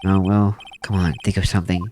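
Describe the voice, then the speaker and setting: A man's voice: low voice, little pitch movement, fairly quick, dark tone, slight background noise, natural voice. A man voicing a determined young male defense lawyer in a game, with a pressing, accusing manner. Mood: worried. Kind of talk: voicing a video game's text for a let's play.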